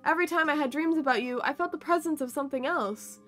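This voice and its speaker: Woman doing a gentle tired male cat, soft and quiet, high bright voice. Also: quick pace. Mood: tender.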